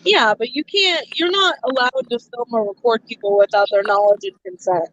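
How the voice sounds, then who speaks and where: A woman hosting a live stream in casual chat, chatty and quick to laugh at herself. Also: a little high, a bit bright. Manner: chatty, laughs often, self-deprecating. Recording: muffled lo-fi sound.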